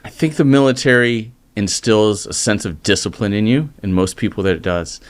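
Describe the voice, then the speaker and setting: Energetic middle-aged man telling stories. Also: lowish voice, moderate pace. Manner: energetic, animated storytelling with acted quotes. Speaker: mortgage loan originator, guest. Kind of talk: casual storytelling interview.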